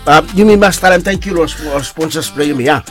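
A man co-hosting a relaxed radio show, rambling in a sing-song way. His voice is a little high, with faint music playing behind. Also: quick pace. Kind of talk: casual radio chat.

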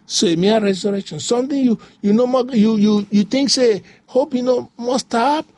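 A man's voice: extremely high pitch, normal speed, a little mellow, no room sound. A man preaching a devotional sermon, repeating phrases in a rhythmic, rising way. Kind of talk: devotional sermon in pidgin English.

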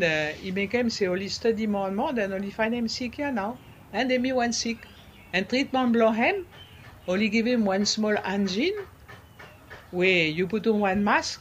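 A man, explaining things in an interview in a halting way, repeating words and slipping into French. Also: high voice, dull audio, slight background noise. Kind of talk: conversational explaining.

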